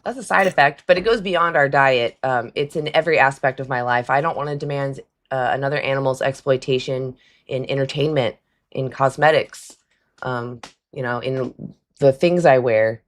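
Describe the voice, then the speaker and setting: A woman's voice: extremely low pitch, normal speed. A woman hosting a live call-in stream, talking bluntly and mockingly to callers. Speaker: livestream host taking callers.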